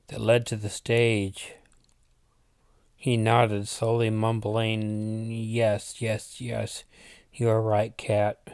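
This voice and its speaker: A man reading a spooky story aloud as its narrator, in a deliberate manner with the odd aside to his listeners. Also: lowish voice, a little mellow, no room sound, clean studio sound. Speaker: channel host reading his own story.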